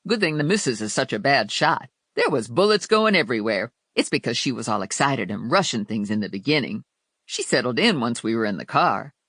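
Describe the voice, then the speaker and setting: A woman's voice: a bass voice, very animated, fairly quick, fairly bright tone, no room sound, studio quality, full character voice. A narrator voicing a brassy, outspoken woman sidekick with slangy, sassy talk in an audiobook. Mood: blunt. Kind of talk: audiobook character voice.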